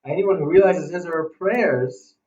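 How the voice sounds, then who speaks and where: A man's voice: on the high side, normal speed, a little mellow. A man teaching an informal religious lesson as a rabbi, telling stories and repeating phrases for emphasis. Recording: dull, muffled recording.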